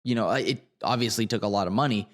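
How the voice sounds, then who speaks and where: A man's voice: lowish voice, fast talker. Rambling man co-hosting a podcast. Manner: rambling, many "like" fillers. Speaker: podcast co-host. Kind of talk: casual podcast chat. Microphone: podcast microphone.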